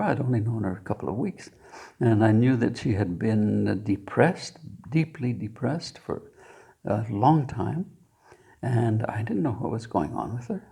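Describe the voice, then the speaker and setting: An older man, a therapist, quietly recounting a story from his practice, soft-spoken and sometimes dropping to a near whisper. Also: mid-range voice, vocal fry, slightly rough.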